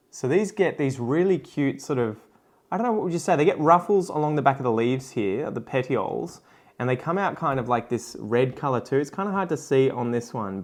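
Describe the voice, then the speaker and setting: A middle-aged man with an Australian accent, hosting a casual vlog and talking in a loose, rambling way, often correcting himself. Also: medium pitch. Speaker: host. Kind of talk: casual plant-selling vlog.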